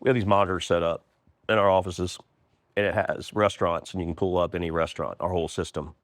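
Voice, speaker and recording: Man, very low voice, fast talker, emphatic, repeats himself, dry close recording. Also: steady tone, dry recording. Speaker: guest, restaurant founder. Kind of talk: casual conversational interview.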